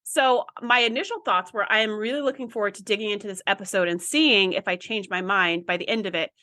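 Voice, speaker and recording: A woman's voice: mid-range voice, quick pace, sharp tone, no room sound. A woman co-hosting a podcast in casual chat, chatty and reflective, agreeing readily. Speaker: podcast co-host.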